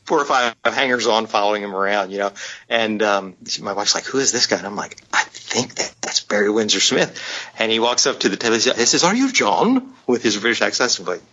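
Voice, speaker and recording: A man's voice: on the low side, pushed and bright. A man telling a long story as a podcast guest, rambling with many fillers and restarts. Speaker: guest, publisher. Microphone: on the phone line. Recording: dull lo-fi sound.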